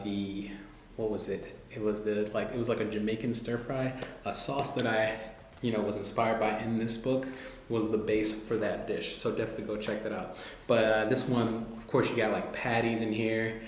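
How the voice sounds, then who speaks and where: A man talking casually to the camera as a vlogger, relaxed and loose, with lots of "you know" and "like". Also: fairly low pitch. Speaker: vlogger reviewing cookbooks. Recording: very echoey room, faint noise.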